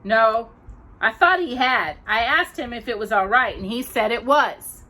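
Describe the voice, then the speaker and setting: A woman voicing a steady pioneer father, firm and earnest, in a lively storybook reading. The voice is bright and rises and falls a lot. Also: fairly high pitch, normal speed, pitched above the performer's own voice. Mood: urgent. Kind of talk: reading aloud a children's novel.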